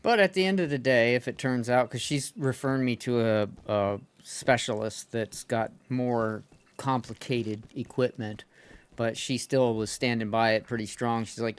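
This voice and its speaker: Animated, venting male streamer. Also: medium pitch, normal speed, clear, resonant tone. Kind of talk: casual chat while gaming.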